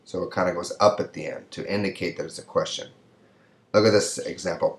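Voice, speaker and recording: A deep-voiced man gives a recorded Spanish lesson. He speaks slowly and carefully, and stretches out his example sentences to show the rise in pitch. The echo of the room is clear behind his voice. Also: steady tone. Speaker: Spanish lecturer. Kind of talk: recorded video lecture. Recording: echoey room.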